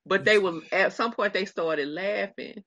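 A woman's voice: mid-range voice, measured pace, fairly bright tone, no echo, muffled recording. A woman co-hosting a casual gossip chat, rambling and laughing often with many restarts. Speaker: podcast co-host.

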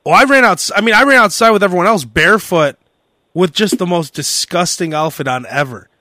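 A young man hosting a casual podcast, telling a story in a lively way and acting out the shouting of the people in it. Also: sits high, brisk, dry recording, clean studio sound. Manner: animated storyteller who acts out shouted quotes. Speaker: podcast host.

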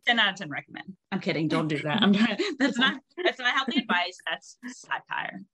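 A woman's voice: medium pitch, expressive, fairly quick, sharp tone, husky. A woman co-hosting a casual podcast chat, joking and candid, swearing freely.

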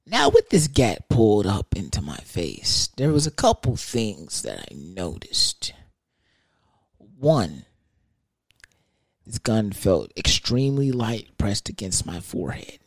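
A young man telling a casual story in an animated, profane, rambling way. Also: lowish voice, takes it slowly, husky, dry recording, studio quality.

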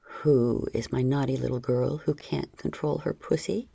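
A woman voicing a confident, stern man who talks low, slow and coaxing. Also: fairly even intonation, vocal fry, warm tone, slightly rough, no echo, heavily acted.

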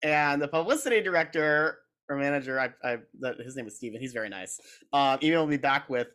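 A man's voice: mid-range voice, fast, fairly bright tone. A man hosting a casual podcast, talking eagerly about a cartoon series with his guests, with plenty of fillers. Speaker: podcast host.

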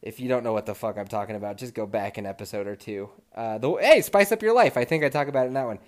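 Man, podcast host, casual monologue, swearing, laughing, lively swinging pitch, getting over a cold. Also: fast. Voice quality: profane, laughing, animated storyteller. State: lingering cold.

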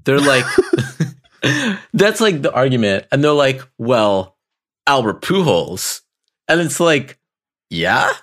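A man co-hosts a podcast in a very slow, drawn-out way. His pitch swoops widely as he mocks the people who annoy him. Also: very animated, fairly bright tone. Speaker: podcast co-host. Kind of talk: casual podcast chat.

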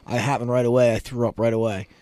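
A man, a wrestling coach hosting a casual chat, telling stories animatedly and acting out quotes with sudden loud outbursts. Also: medium pitch, level tone, quick pace, no room sound. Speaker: podcast host, wrestling coach.

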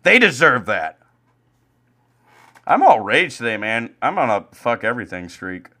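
Young guy on a sports podcast going off, cursing a lot, bright edgy voice, loud then muttering. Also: sing-song, unhurried. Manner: angry, profane, swings from loud ranting to low mutters. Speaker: podcast co-host. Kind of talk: profane ranting sports podcast chat. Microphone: home streaming mic.

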